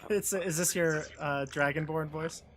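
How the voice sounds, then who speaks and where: A man's voice: on the high side, steady tone, a little slow, a little hiss or hum. A man acting as dungeon master over a video call, explaining rules in an easygoing, patient way. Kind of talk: running a tabletop game over a video call.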